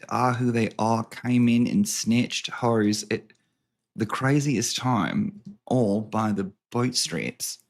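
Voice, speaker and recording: A gravelly, husky, lowish male voice belongs to the host of a casual home vlog. He chats and reads aloud, rambling along with jokes and lots of profanity.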